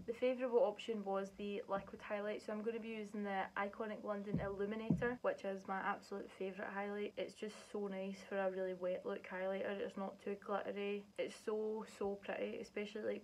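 A woman's voice: medium pitch, a little hiss or hum, poor audio. A young woman, chatting through a makeup tutorial step by step as a beauty vlogger. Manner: chatty, explains each step as she works.

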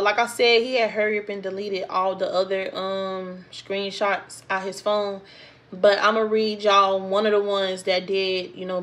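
A young woman telling her own story to viewers in casual vlog style, with speech and an animated way of acting out what others said. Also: medium pitch. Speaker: storytime vlogger.

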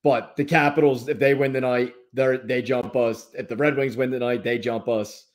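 A man's voice: mid-range voice, steady tone, moderate pace. A man, a regular on a sports talk show, talking hockey in a glum, blunt way and swearing casually.

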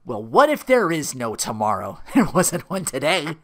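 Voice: medium pitch, huge pitch swings, moderate pace, fairly bright tone, heavily acted. A reader doing an exasperated weatherman. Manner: exasperated, pleading. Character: weary, frustrated TV weatherman.

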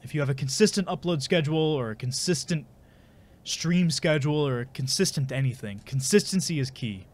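A man's voice: a little high, animated, fairly quick. A man with a congested voice giving casual, rambling, self-mocking commentary while playing a video game. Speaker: gameplay commentator. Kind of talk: casual let's play commentary.

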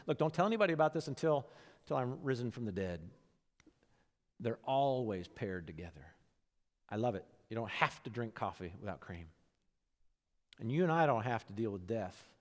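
Preaching pastor in a reverberant church. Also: male voice, mid-range voice. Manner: conversational preaching, swings between hushed and animated. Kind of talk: sermon. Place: church sanctuary. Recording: long hall reverb.

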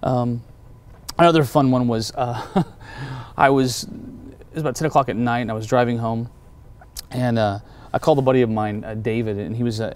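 Male pastor, mid-pitched voice, lively storyteller who acts out quoted voices, casual testimony talk. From United States.

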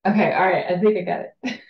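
A woman's voice: on the low side, a little fast, lo-fi sound. A woman reading a fantasy novel aloud, chatting and laughing in the breaks between passages. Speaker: reader of a fan audiobook.

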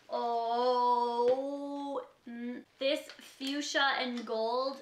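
Young canadian girl doing an unboxing vlog, super gushy, slow easy pace, roomy echo. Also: sits high, a little hiss or hum. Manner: gushing, excitable, frequent gasps. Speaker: YouTuber opening a gift. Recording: echoey room.

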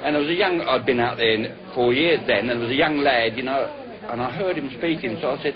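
Man, Cockney accent, animated storytelling, lively pitch, dull audio, pub crowd. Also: quick pace. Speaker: interviewee. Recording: dull distant film sound with crowd.

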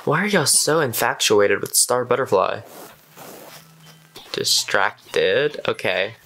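A man's voice: mid-range voice, lively intonation, slow pace, bright, forceful tone, a little hiss or hum, low-quality recording. Chatty man reacting to a cartoon. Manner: chatty, exclaiming at the screen. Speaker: reaction video host. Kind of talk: casual reaction commentary.

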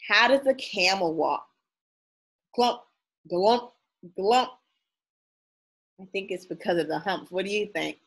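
A woman's voice: medium pitch, animated, fairly quick, hardly any pauses, fairly bright tone, breathy edge. A woman teacher reading a picture book aloud to young children, playful and sing-song, drawing out the sound words and asking them questions.

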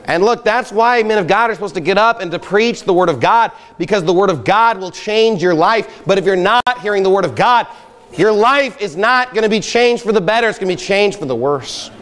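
A man preaching a sermon as pastor, with a high voice for a man. He presses his points hard and rises to loud calls at his listeners. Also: brisk. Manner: emphatic, rising to loud exhortation. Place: outdoor campsite gathering.

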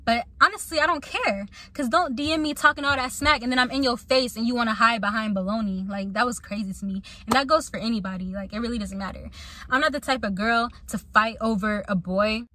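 A woman's voice: on the high side, brisk, no room sound. A young woman casually telling a personal story to her viewers, acting out the people she quotes and laughing along. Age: young adult. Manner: animated, acts out quotes, laughs often.

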